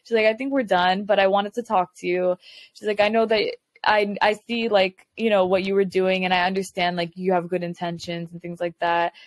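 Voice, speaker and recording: A woman in a relaxed podcast conversation, recounting an anecdote and playing out each side of the exchange in quick quoted lines. Her voice sits at an ordinary pitch and sounds dry and close to the mic. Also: no echo. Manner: animated retelling with quoted dialogue, frequent "I was like". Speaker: podcast guest. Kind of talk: casual storytelling chat. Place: lives in Florida.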